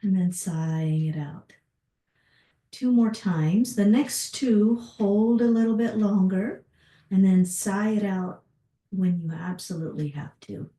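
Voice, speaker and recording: Calm woman leading a Pilates class. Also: medium pitch, slow. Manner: calm, encouraging, cueing breaths and movements. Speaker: Pilates instructor. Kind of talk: guided exercise class. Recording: roomy, from a distance.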